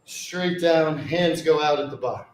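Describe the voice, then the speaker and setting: This fitness vlogger's voice is fairly high and measured, ringing in a reverberant space. He chats profanely to the camera during his workout, hyping himself between sets and now and then running short of breath.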